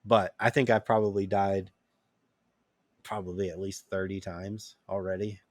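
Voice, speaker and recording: Man, podcast co-host, deep-ish voice, dry sound, chatty, filler words. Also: little pitch movement, normal speed, no echo. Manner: chatty, laughs at himself, lots of "like". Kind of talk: casual chat.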